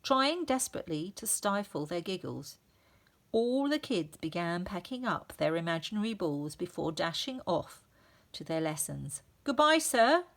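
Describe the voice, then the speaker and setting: A woman teacher reading a children's story aloud, expressive and sounding out the effects. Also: on the low side, moderate pace.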